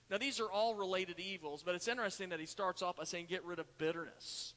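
High bright preacher in a hall. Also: male voice, fairly even intonation, brisk, few pauses. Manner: folksy storytelling, addresses crowd as y'all. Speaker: pastor. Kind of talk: sermon. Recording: church hall reverb.

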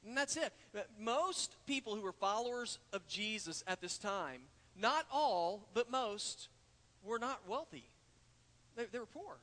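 High, bright-voiced preacher in a reverberant church. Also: male voice, animated, measured pace. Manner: earnest preaching, frequent uh fillers and restarts, rises to emphatic points. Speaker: pastor. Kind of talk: sermon. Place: church sanctuary. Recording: long hall reverb in a church.

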